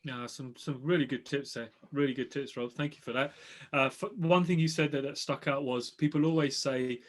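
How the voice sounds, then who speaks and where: A man's voice: fairly high pitch, a little fast. A man hosting a podcast in casual conversation, encouraging his guest and acting out what people say. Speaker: podcast host.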